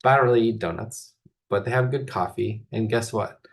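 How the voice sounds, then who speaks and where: A man with a lowish voice speaks a little fast while hosting an informal spiritual conversation. As a spiritual coach, he wanders loosely from point to point, sprinkling "like" throughout.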